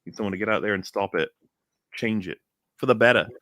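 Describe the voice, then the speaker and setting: A man co-hosting a casual online talk stream, wry and quick to laugh. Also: on the low side, a bit bright, dry recording. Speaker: co-host. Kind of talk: casual chat.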